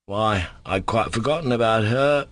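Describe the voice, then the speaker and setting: A man's voice: lowish voice, moderate pace, a bit bright, close to an everyday voice. A man doing a scornful, drawling ill servant. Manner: drawling, contemptuous. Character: sick, scornful former valet, man, contemptuous.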